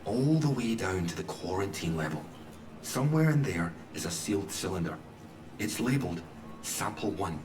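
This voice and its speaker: An actor playing a cryptic male scientist in a game, giving calm, measured, secretive instructions. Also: deep voice, recorded from a distance. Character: cryptic male scientist sending the player on a task. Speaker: game character. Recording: echoey game audio, set back from the mic.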